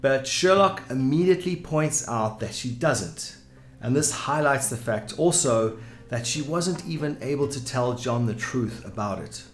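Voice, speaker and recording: A man's voice: mid-range voice, animated, a little slow. Man explaining English idioms, echoey room. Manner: clear, explanatory, with example sentences. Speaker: English teacher. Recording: echoey room with soft music.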